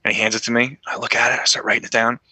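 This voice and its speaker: Rapid-fire and a little breathy, this mid-range male voice has no room sound around it. He's a former New York police officer telling animated, profanity-laced stories on a casual podcast, acting out the voices as he goes.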